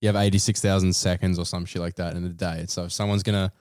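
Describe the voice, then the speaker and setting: A man's voice: low-pitched, little pitch movement, fast talker, a little mellow, clear, resonant tone, dry recording, clean studio sound. A young man co-hosting a podcast in a laid-back casual chat, swearing freely and chiming in with agreement. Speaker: podcast co-host.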